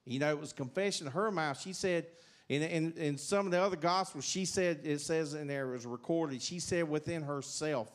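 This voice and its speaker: A middle-aged man from South Carolina, USA, with a Southern accent gives a folksy testimony in a church sanctuary. His voice is a little high and moves at normal speed, and his rambling talk is full of fillers and restarts.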